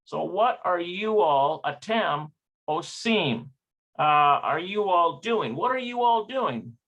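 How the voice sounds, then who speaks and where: A man's voice: high voice, expressive, slow, fairly bright tone, muffled recording. A man working through a textbook lesson aloud, hesitant and self-correcting as he sounds out words. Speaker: language learner teaching from a textbook. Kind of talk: thinking-aloud study session.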